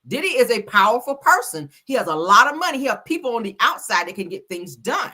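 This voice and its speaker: A woman with a slightly high voice talks fast as she hosts casual news commentary, animated, blunt and profane, speaking directly to her viewers.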